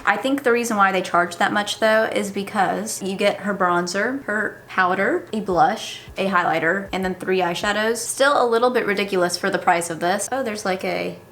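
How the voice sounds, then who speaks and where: A woman's voice: medium pitch, normal speed, hardly any pauses, a bit bright, a little hiss or hum. A young woman chatting casually as a beauty vlogger, reviewing makeup at her desk with lots of "like" fillers. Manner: chatty, filler-heavy with frequent "like". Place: indoors at a desk.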